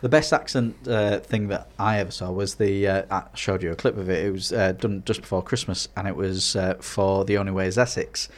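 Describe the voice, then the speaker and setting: Dry-humoured Middlesbrough man, lower voice. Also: fairly even intonation, fairly quick, few pauses. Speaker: podcast co-host. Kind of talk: casual podcast chat.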